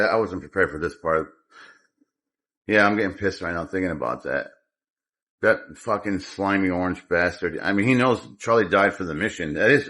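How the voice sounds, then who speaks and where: Male commentator, mid-pitched, furious and profane, rambles and restarts mid-sentence. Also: a bit bright. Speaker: political commentator. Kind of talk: angry political rant.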